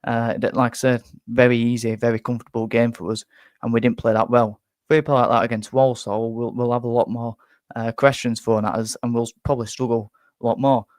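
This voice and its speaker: A man's voice: medium pitch, little pitch movement, a little fast, no room sound. A man hosting a live fan reaction, talking bluntly with many restarts and a little out of breath. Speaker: fan channel host.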